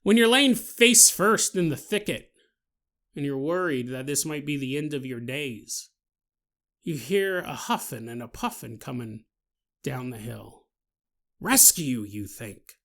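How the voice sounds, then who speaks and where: A man's voice: mid-range voice, animated, a little slow, fairly bright tone. A man hosting a podcast, riffing through a comedic monologue and laughing often as he acts out silly scenes. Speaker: podcast host.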